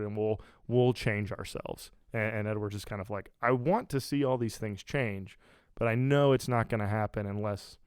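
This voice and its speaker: A man's voice: mid-range voice, a little mellow, clear, resonant tone, dry recording, studio quality. A man hosting a faith podcast, talking loosely with many fillers and restarts. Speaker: podcast host. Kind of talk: casual podcast chat.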